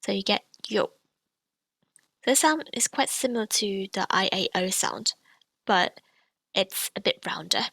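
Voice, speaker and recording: A woman language teacher explaining pronunciation in a clear, patient, scripted lesson, demonstrating each sound. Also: medium pitch, a bit bright, no echo.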